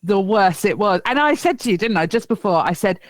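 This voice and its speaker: A woman's voice: mid-range voice, animated, fairly quick, no room sound. A woman co-hosting a casual podcast, bantering with frequent laughs and swearing. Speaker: podcast co-host. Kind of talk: casual chat.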